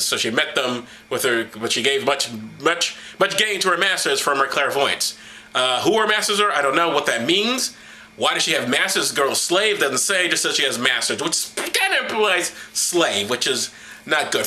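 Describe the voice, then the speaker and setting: A man reading scripture mockingly to a camera, tripping over names and throwing in profane asides. His voice is fairly high and jumps around wildly. The tone is bright and brash. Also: slight background noise. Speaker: comedic Bible reader. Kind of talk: irreverent comedic reading to camera.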